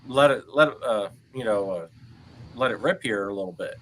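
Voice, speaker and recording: A man's voice: on the low side, a little fast. A man hosting a live podcast over a video call, telling stories in casual chat with lots of fillers. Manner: animated storytelling with many fillers. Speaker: podcast host.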